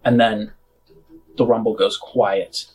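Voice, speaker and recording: A man narrating as game master of a tabletop game, describing scenes in an unhurried, casual way. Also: lowish voice, little pitch movement, poor audio.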